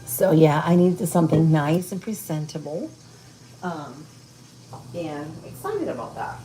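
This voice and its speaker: Her voice sits low with lively intonation and a slightly slow pace as she runs a casual cooking livestream from her home kitchen, chatting with viewers. Background noise includes frying and sizzling.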